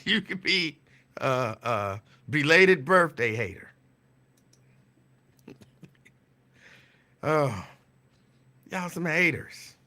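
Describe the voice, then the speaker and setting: A male call-in radio host with a high, very bright, sharp voice. He talks in an unhurried way, teasing listeners, laughing often and repeating his lines. At times he slows down to read a definition out deliberately. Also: expressive. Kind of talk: casual call-in radio talk.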